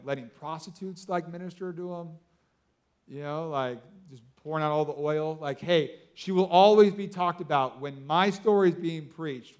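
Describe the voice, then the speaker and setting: High-voiced excitable male preacher. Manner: excitable storytelling with many fillers. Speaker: pastor. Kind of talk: sermon.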